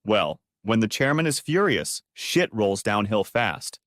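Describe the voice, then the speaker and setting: A bitter, betrayed husband who bites off his words and curses freely, as a male narrator plays him. The voice swings up and down in pitch, and the recording is close and completely dry. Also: very animated, measured pace, a bit bright, no echo. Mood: weary. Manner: angry, clipped, cursing. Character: furious betrayed businessman husband.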